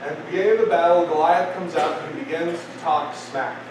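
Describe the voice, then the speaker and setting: A man's voice: on the high side, fairly quick, distant mic, noisy background. A man preaching a sermon in a church, conversational and repetitive, building emphasis. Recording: very echoey church hall from afar.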